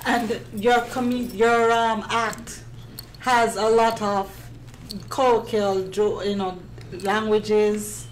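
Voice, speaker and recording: A woman interviewer asking measured, probing questions. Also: mid-range voice, fairly even intonation, crowd noise, poor audio.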